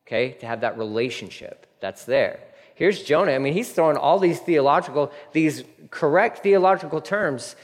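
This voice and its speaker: A man preaching a sermon in an earnest, conversational way, dropping to soft, quiet asides. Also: on the high side, big-room sound. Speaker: pastor.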